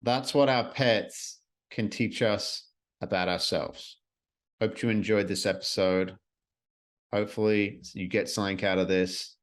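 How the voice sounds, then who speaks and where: Earnest low-voiced man hosting a podcast. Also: fairly even intonation, measured pace. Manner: earnest, reflective, casual with swearing. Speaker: podcast host. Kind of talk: solo podcast monologue.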